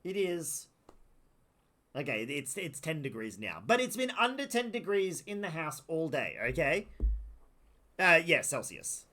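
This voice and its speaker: A man's voice: a little high, very animated, measured pace, sharp tone. An Australian man chatting casually with his viewers while streaming a game from home, greeting people by name. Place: home room.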